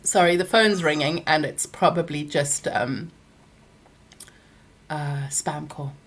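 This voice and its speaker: A woman, hosting a live Q&A and telling a personal story, animated when she acts out what others said. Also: low-pitched, takes it slowly, slight background noise. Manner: animated when acting out quoted people. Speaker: workshop host answering questions.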